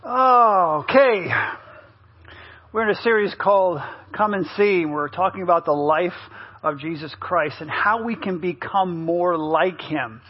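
A man's voice: sits high, measured pace, breathy edge. A man preaching a humorous, conversational sermon as pastor, often asking the crowd "right?" in a church. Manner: playful, asks the crowd "right?". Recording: dull lo-fi sermon audio.

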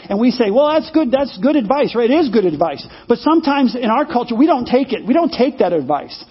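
A man preaches with a very high, husky voice. He talks conversationally, asks his listeners questions and repeats words often. The sermon audio sounds dull and lo-fi. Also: sing-song, brisk, hardly any pauses. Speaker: pastor.

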